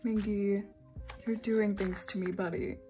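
A young woman from Singapore chatting casually while unboxing albums, giggly and gushing, now and then breaking into high squeals. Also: level tone, a little slow, dark tone, soft background music. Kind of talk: excited casual chat.

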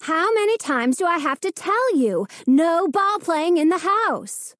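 A woman voicing a busy mother in a storybook reading, brisk and scolding. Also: a little high, big pitch swings, a little mellow, dry recording, studio quality. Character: busy mother, stern but caring.

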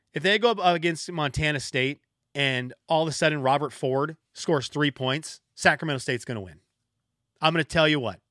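A man's voice: on the high side, sharp tone, no echo, studio quality. Exasperated man ranting on a podcast. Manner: exasperated, ranting, second-guessing himself aloud. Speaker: podcast host. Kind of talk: solo sports podcast rant.

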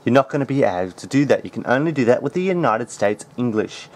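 A man hosting a casual tech how-to, talking in a relaxed, chatty way with plenty of ums. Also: mid-range voice, fast. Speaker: tech tutorial host.

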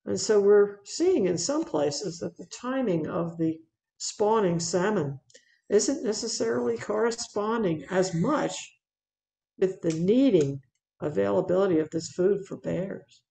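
A woman giving a public wildlife talk, narrating her photos in a conversational, animated way with fillers and repeated words. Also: mid-range voice, a little slow, creaky, reverberant. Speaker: wildlife speaker presenting slides.

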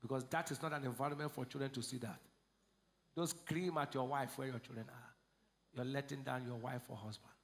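A man with a Nigerian accent preaching a sermon as pastor, calling out questions to the congregation and swinging between shouts and low asides. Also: steady tone, brisk. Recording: echoey church hall.

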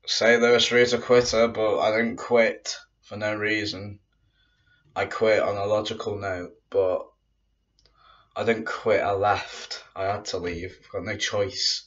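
Guy rambling to his viewers, low and slow, kinda far from the mic, dull lo-fi sound. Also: little pitch movement, a bit bright. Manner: rambling, repeats "but yeah, guys". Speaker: YouTuber saying goodbye to viewers. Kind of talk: casual vlog address to camera. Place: room at home.

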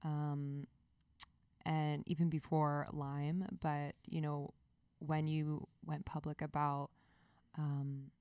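A woman's voice: low voice, level tone, takes it slowly, smooth, no room sound, highs cut off. A woman co-hosting a podcast, asking a guest a long, effusive, rambling question. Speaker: podcast co-host. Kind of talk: interview questions.

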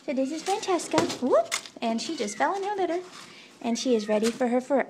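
A woman at an animal shelter talking to a caged cat in soft, cooing baby talk while filming it on a handheld camera. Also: high voice, sing-song, a little fast, a little hiss or hum. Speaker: shelter volunteer showing an adoptable cat. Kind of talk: casual filmed pet showcase. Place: animal shelter, indoors by cages.

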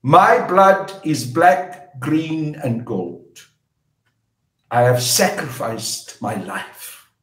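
Older South African man, angry and defiant, high voice, slow emphatic delivery, echoey room. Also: lively intonation, a bit bright. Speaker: politician. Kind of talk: angry public statement.

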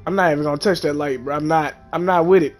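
A man's voice: a little high, steady tone, quick pace. A young man, doing comedic let's-play commentary and talking to game characters in a mock-dramatic way. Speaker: gaming YouTuber. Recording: game music underneath.

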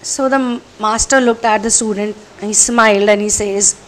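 A woman's voice: medium pitch, fairly even intonation, moderate pace. A woman, telling a spiritual story in a conversational way at home. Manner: warm, conversational, chatty storytelling. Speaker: spiritual counselor and channel host.

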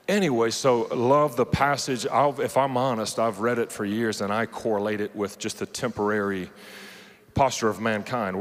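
Male preacher, lowish voice, earnest and teasing, live hall with long reverb. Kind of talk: sermon. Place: large conference hall.

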